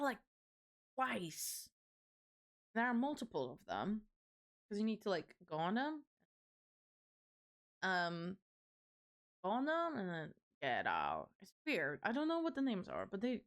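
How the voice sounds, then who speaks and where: A young adult woman streamer chatting casually on a livestream, rambling through stories and swearing freely. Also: medium pitch.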